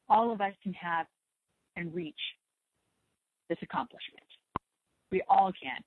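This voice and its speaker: A woman host talks in a gentle, reassuring way, circling back over the same words. Her voice comes through thin and tinny, like a phone line. The sound is dry, with no room around it. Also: on the low side, slow pace, long pauses, breathy edge, no room sound. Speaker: spiritual talk show host. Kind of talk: slow soothing talk on meditation and letting go.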